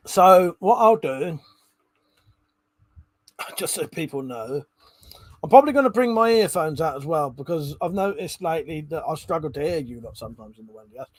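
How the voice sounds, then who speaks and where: A man's voice: fairly high pitch, animated, moderate pace, pauses often, dry recording. A drunk man hosting a live stream, rambling casually, swearing a lot and laughing often. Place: indoors at home.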